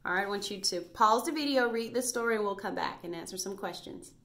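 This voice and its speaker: A woman's voice: mid-range voice, quick pace, fairly bright tone. A woman teaching a recorded reading lesson to first graders, patient and praising as she spells out letters.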